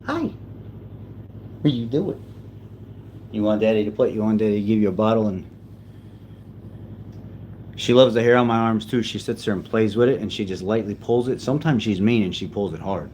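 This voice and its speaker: A man hosting a casual livestream, chatting gently and unhurriedly as a father while he tends his baby. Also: lowish voice, normal speed, long pauses, slight background noise.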